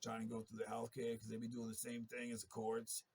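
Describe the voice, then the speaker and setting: A man's voice: medium pitch, completely flat delivery, fairly quick, darkish tone, slightly rough. A man in a long, rambling monologue, talking in a profane and agitated way. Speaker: interviewee telling his story.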